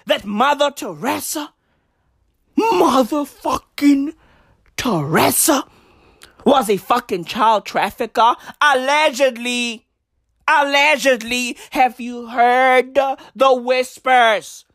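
A woman doing a profane comedic rant in street slang, her voice cracking as she lurches between yelling and whispering. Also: high voice, takes it slowly, pauses often, no echo, clean studio sound. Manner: shouty, slangy, wild swings from yells to whispers. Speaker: comic ranter.

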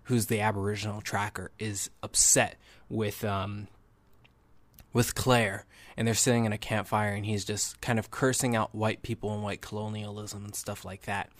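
A man's voice: on the low side, flat delivery, moderate pace, no echo. Enthusiastic young man, dry podcast voice. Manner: enthusiastic, rambling with fillers and restarts. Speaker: podcast host. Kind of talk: casual movie review.

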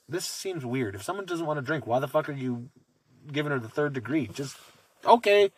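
A man's voice: fairly high pitch, lively intonation, a little fast, husky. A man co-hosting a podcast in casual chat, reading posts aloud and ranting with lots of profanity and mocking voices. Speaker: podcast co-host.

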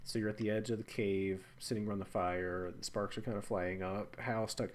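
A man narrating as game master of a tabletop game, in a relaxed, loose way full of fillers. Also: lowish voice, moderate pace, a little hiss or hum. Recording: music playing behind.

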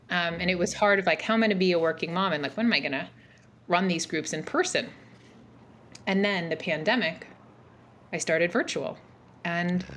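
A woman in her forties telling a personal story as a podcast guest, animated and rambling, with many fillers and restarts. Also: on the low side, a little hiss or hum. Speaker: podcast guest, mental health practitioner. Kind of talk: casual interview storytelling.

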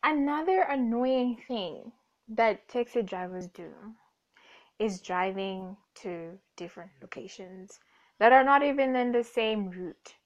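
On a dull-sounding lo-fi recording, a young podcast host from Namibia talks slowly in a fairly high, expressive voice. Her monologue wanders casually, full of self-corrections, jokes and frequent laughter.

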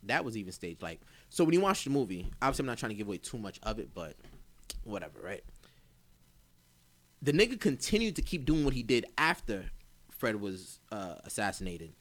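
A man co-hosting a podcast in casual, slangy chat, animated and laughing often. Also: fairly low pitch, brisk. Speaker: podcast co-host.

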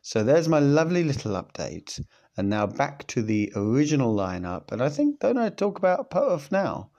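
A man talks alone into the mic for his podcast, loose and chatty, joking at his own stumbles. His voice is low in tone, gravelly with fry, and his delivery is rambling and self-mocking. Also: big pitch swings, moderate pace, a little mellow, highs cut off. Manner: rambling, jokey and self-mocking, with many fillers. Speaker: podcast host. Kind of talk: casual solo podcast monologue.

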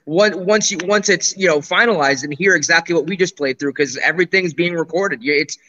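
A man with a slightly high, bright voice explains things casually and pokes fun at himself. The recording sounds dull and lo-fi. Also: fairly quick, dry recording. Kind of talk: casual chat.

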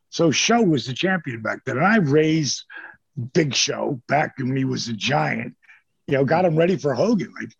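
Older guy rambling thru crude stories, raspy gravelly voice, dull dry lo-fi sound. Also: medium pitch, no room sound. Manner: rambling, profane, animated storyteller with many restarts. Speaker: interview guest, former pro wrestler. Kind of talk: casual storytelling.

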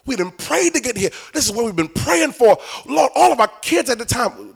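A man's voice: high-pitched, animated, fast, gravelly, few pauses. A man preaching a sermon as bishop, asking the crowd questions and acting out little scenes.

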